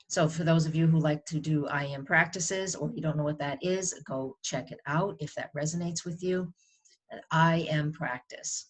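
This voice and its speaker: A low-pitched woman with a New England accent talks straight to camera as an astrologer, giving her weekly forecast. She speaks conversationally and rambles, often stopping to restart a sentence.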